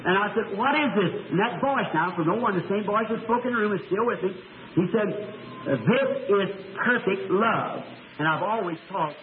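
Middle-aged preacher, high voice, earnest halting sermon on a tinny old tape with faint hiss. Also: male voice. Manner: earnest storytelling, halting repeats. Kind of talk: sermon testimony.

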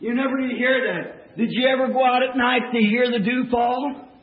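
A man preaching a fervent revival sermon to a church congregation, in folksy plain-spoken speech that swings from hushed tones to shouting. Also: very high-pitched, steady tone, normal speed. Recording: echoey, dull old church tape.

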